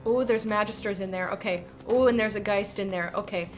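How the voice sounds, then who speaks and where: A young woman streaming a game, chatting casually and excitably, often giggling. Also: mid-range voice, a little fast, music in the background. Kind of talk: casual gameplay commentary.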